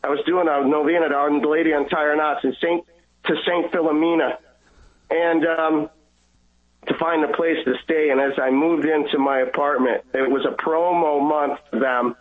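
A man's voice: fairly high pitch, fairly even intonation. Earnest man on a tinny phone line. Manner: earnest, halting storyteller who acts out dialogue. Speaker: guest caller. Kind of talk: telling a personal faith story.

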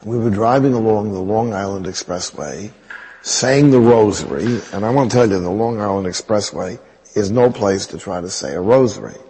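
A man's voice: lowish voice, moderate pace, mellow, long reverb tail. A man, a priest, telling a wry personal story in a conversational homily.

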